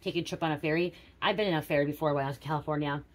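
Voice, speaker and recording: Middle-aged woman, low-pitched, casual card reader thinking out loud. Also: steady tone, very fast, slight background noise. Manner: musing aloud, repeating words. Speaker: tarot reader. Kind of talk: casual spiritual card reading.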